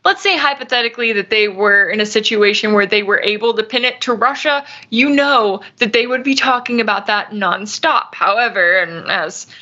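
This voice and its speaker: Bright-voiced woman giving news commentary. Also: medium pitch, moderate pace, few pauses, highs cut off. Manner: argumentative, poses hypotheticals and rhetorical questions. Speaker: radio news host.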